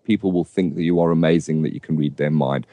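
Male interview guest, very deep voice, earnest, dry sound. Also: quick pace, warm tone, no echo, highs cut off. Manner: stammering restarts, earnest. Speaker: podcast guest. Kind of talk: casual interview talk.

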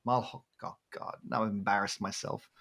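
A man hosting a relaxed podcast chat, rambling and self-deprecating, laughing often as he talks. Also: lowish voice, brisk, creaky. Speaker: podcast host. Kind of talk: casual chat.

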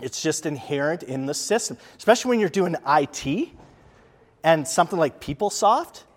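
A man's voice: on the high side, animated, moderate pace. Man lecturing in a reverberant hall. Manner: conversational, emphatic, repeats words for stress. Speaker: presenter. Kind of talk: leadership lecture to an audience. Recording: long reverb of a large hall.

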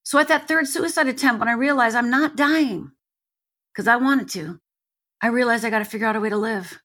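A woman's voice: on the high side, brisk, a bit bright. A woman guest, a life coach, telling her personal story candidly and vividly, building to emphatic peaks.

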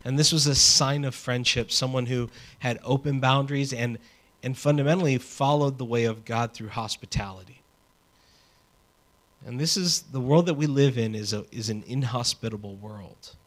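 A man's voice: medium pitch, normal speed. Conversational man preaching a sermon. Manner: conversational, animated preaching with asides. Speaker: pastor.

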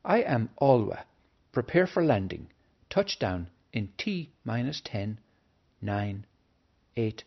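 A gentle, friendly alien presence calmly announces its arrival and counts down to touchdown, as a man puts it on. The voice sits a little raised above a gravelly base. The recording is muffled and lo-fi. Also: fairly low pitch, takes it slowly, long pauses, exaggerated voice. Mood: soft, friendly. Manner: calm countdown. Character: soft friendly alien landing voice. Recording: dull lo-fi recording.

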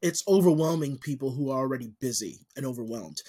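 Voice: mid-range voice, animated, quick pace, dark tone, breathy edge. A podcast co-host in casual chat, making points emphatically with everyday examples and some swearing.

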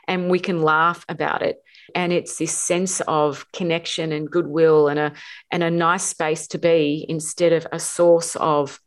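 A woman's voice: deep voice, little pitch movement, normal speed. A woman hosting a relationship coaching podcast, talking emphatically and repeating words for stress. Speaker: podcast host.

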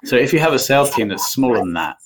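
A man's voice: medium pitch, animated, fast, background noise. A man hosting a podcast interview, talking casually with fillers and restarts. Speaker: podcast host.

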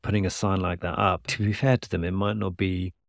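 Low gravelly man chatting. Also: level tone, a little fast, no room sound. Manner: chatty, rambling, self-deprecating with frequent restarts. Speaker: podcast host. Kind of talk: casual podcast chat about tweets.

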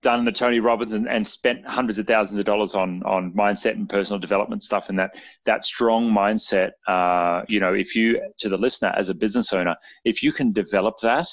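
Lower-voiced man hosting, dry and dull. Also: steady tone, no room sound. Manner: encouraging, halting with fillers. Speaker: podcast host. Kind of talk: casual podcast interview.

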